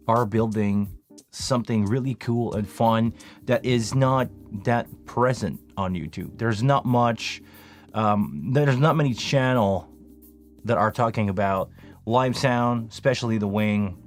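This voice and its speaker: Chatty low-voiced man hosting a live Q&A. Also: measured pace, faint music behind. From Canada. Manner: chatty, self-deprecating, rambling with many fillers. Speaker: live stream host, live sound engineer. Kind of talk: casual live stream Q&A chat.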